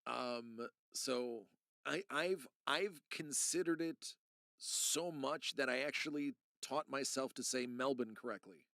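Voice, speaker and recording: Middle-aged man, gravelly, rambling and earnest live-stream host, dry close sound. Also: medium pitch, takes it slowly, pushed and bright, dry recording. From United States. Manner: rambling and earnest, talking straight to chat. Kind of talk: casual live-stream chat.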